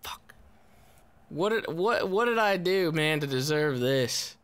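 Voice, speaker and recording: A young man doing casual gameplay commentary, excitable and swearing a lot, yelling at the game. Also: a little high, takes it slowly, smooth. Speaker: let's play host.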